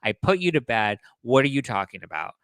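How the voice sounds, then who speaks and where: A man's voice: mid-range voice, big pitch swings, brisk, fairly bright tone, clear, resonant tone, no room sound. A man voicing an exasperated young woman in a gossipy retelling, raising his voice into a sassy, mocking register. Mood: indignant.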